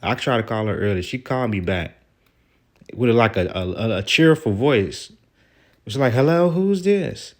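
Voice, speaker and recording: Deep-voiced man venting in a rambling vlog. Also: normal speed, pauses often. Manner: rambling and aggrieved, with casual profanity. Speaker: vlogger. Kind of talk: venting vlog monologue reading out texts.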